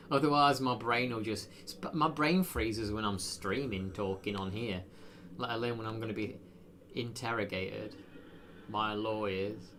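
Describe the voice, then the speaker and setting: A man's voice: on the low side, steady tone, a little slow, fairly bright tone, slight background noise. A man chatting casually while live streaming a video game, rambling with lots of fillers. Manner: rambling, self-deprecating, frequent fillers.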